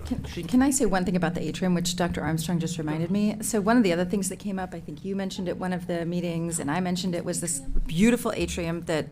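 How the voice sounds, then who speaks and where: A woman board member speaks fast with a lowish voice, briskly relaying an answer at a public meeting. Her tone is informal. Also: a crowd in the background.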